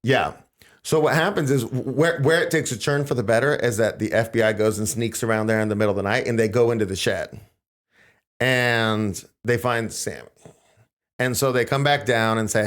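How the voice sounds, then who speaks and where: A man hosting a podcast, telling events in a casual, animated way and acting out quotes in a raised voice. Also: lowish voice, fairly quick. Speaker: podcast host. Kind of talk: casual conversational storytelling.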